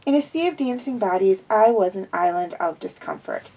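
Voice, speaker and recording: Reading a first-person fan fiction out loud, an amateur female narrator keeps stumbling and fixing her mistakes. She speaks fairly quickly in an expressive, mid-range voice that's gravelly yet mellow, and the recording quality is low.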